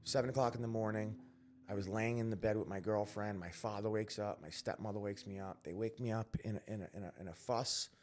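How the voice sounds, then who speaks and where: A man from New York, a podcast guest, telling his life story candidly, earnest and emphatic with quick restarts. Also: lowish voice, fairly even intonation, a little mellow.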